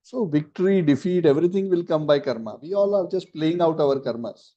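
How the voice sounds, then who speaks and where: A man's voice: on the high side, fairly quick, mellow, pitched above the performer's own voice, natural voice. A man playing a stern learned demon king. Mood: chiding. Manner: chiding, rhetorical. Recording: dull lo-fi recording.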